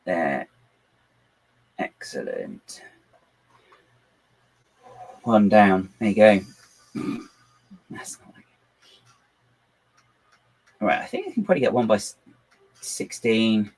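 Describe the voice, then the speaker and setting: Husky, lively-voiced man chatting while building. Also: fairly low pitch, takes it slowly, long pauses, rough recording. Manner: rambling, self-deprecating, talks to himself and his dog. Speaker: channel host building models on a computer. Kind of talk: casual livestream chat while building. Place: at home at a computer.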